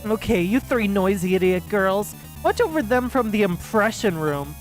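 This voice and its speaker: A woman's voice: expressive, soft background music, natural voice. Woman doing a cold, smug game-master man. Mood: taunting. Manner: mocking, smug, low and drawn-out. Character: cold expressionless masked male game master. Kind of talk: reading game dialogue aloud.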